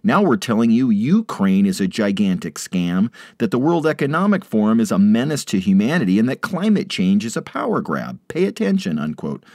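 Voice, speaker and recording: Very animated and brisk, barely pausing, this man hosts a podcast in a slightly mellow voice, reading quotes and then dropping low for sarcastic remarks. The sound is clean studio audio with no room tone.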